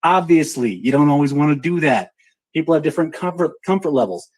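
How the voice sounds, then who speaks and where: Joking husky-voiced man, lively pitch. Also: brisk, low-quality recording. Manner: joking, animated storyteller. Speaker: show host. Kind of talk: casual live audio chat.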